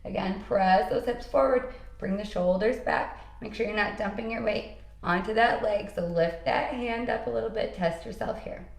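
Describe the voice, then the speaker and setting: A woman guides a yoga session, calling out poses and breaths in a calm, encouraging way. Her voice has a slight gravelly fry at a mid pitch. The sound carries a roomy echo. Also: moderate pace. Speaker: yoga instructor. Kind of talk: guided yoga class instruction.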